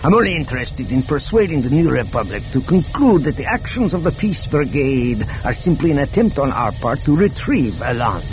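A man's voice: mid-range voice, sing-song, normal speed, few pauses, darkish tone, soft background music, voice pushed up, lightly acted, low-quality recording. A man voicing a cold, scheming male alien commander in an audiobook, curt and commanding. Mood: dismissive. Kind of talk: audiobook character voice.

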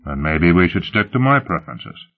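A man voicing a brash, gloating pleasure-seeker with a low, lively voice, over a tinny phone-like line. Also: normal speed.

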